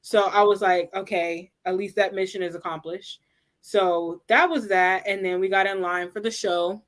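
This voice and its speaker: A woman's voice: medium pitch, steady tone, normal speed. A woman guest on a video call, chatting casually with many fillers. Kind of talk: casual chat.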